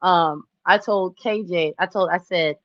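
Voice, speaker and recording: A woman's voice: lowish voice, unhurried, no room sound, lo-fi sound. A woman chatting casually with viewers on a live stream, laughing often and acting out what people said.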